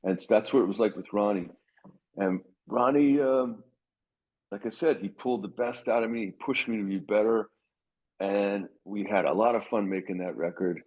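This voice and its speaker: A man's voice: fairly low pitch, moderate pace, muffled recording. A middle-aged man, a guitarist being interviewed, telling stories in a rambling way with many restarts and acted-out quotes. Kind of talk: casual interview storytelling.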